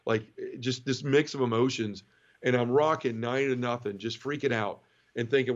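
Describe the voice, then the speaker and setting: A man's voice: medium pitch, fairly even intonation, normal speed, lo-fi sound. A man telling his own conversion story in an interview, earnest and vivid, often restarting and repeating words. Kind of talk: emotional personal storytelling.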